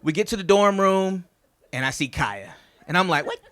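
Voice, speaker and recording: A man's voice: high-pitched, animated, normal speed, sharp tone, clear, resonant tone. A man, the best man at a wedding reception, telling stories about the groom in a chatty, joking toast.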